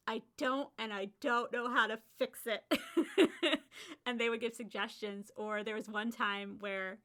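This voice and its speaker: Bright-voiced woman, chatty and laughing. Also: a little high. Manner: chatty, laughs often, acts out her own quotes. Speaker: podcast host and author. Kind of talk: casual solo podcast talk.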